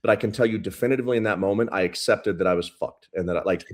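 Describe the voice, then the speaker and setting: Blunt, profane man with a very deep voice. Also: racing. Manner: blunt, profane, intense retelling. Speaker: police sergeant guest. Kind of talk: casual storytelling interview.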